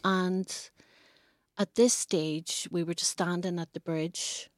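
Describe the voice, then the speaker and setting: Woman, middle-aged, slightly low voice, earnest storytelling, dry close recording. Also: steady tone, slow, dry recording. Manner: earnest, recounting with hesitations. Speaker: interviewee, mother. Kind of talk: storytelling in an interview.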